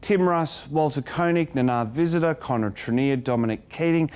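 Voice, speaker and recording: A man with an Australian accent narrating a retrospective of his own show as host, in a steady, enthusiastic way. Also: a little high, normal speed, smooth.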